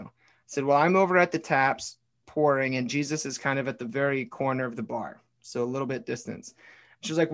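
A man, a former pastor turned bartender, earnestly telling a personal story in a casual podcast conversation, swearing now and then and saying "dude" and "like". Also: medium pitch. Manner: earnest storytelling, reading aloud his own journal.

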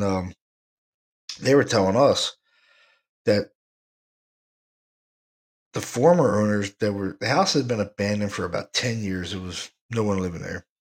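A man with a fairly low voice tells a ghost story at a relaxed, rambling pace. He chuckles now and then and keeps it casual, like he's talking with a friend. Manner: rambling, laid-back, laughs while telling stories. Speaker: podcast host, paranormal investigator.

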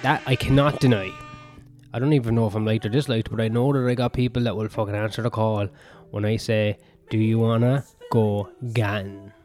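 A man's voice: fairly low pitch, fairly even intonation, quick pace, a little mellow, soft background music. A young man hosting a podcast alone, rambling and swearing in a self-mocking way. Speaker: podcast host and comedian. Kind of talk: solo rambling podcast monologue.

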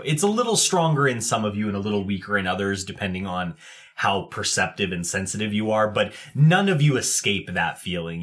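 A man's voice: on the low side, a bit bright. A man running a tabletop game as game master, narrating in a loose, descriptive way with many fillers.

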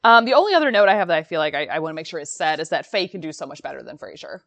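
A woman's voice: low-pitched, expressive, very fast, fairly bright tone. A woman co-hosting a podcast, chatting casually about a sitcom episode, laughing often and trailing off mid-thought. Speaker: podcast co-host.

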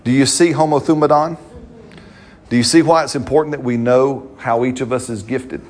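A man's voice: medium pitch, steady tone, normal speed, slight background noise. Guy pastor preaching, chatty, keeps asking right? to the crowd. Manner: conversational preaching, frequent "right?" checks. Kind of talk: sermon.

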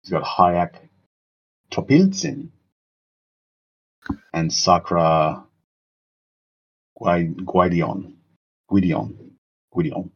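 Male co-host, very low husky voice, dull lo-fi mic, hesitant reader. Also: big pitch swings. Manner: halting, stumbles over names, self-mocking. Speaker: podcast co-host. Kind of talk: casual chat reading out army names.

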